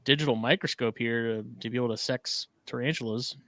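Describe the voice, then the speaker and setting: A man's voice: medium pitch, fairly even intonation, a little fast, sharp tone, no echo. A man co-hosting a podcast, chatting casually and keenly about gadgets. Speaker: podcast co-host. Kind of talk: casual chat.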